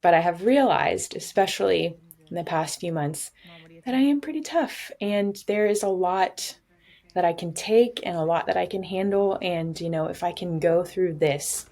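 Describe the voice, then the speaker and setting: A woman's voice: fairly low pitch, normal speed, gravelly, a little mellow. A young woman telling her own story in an interview, open and reflective, with light laughs and playful quoted voices. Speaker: patient sharing her story. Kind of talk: candid interview.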